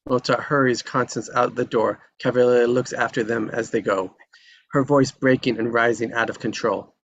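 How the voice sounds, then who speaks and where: Creaky-voiced man reading stage directions. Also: mid-range voice, fairly even intonation, moderate pace, highs cut off. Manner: plain, matter-of-fact.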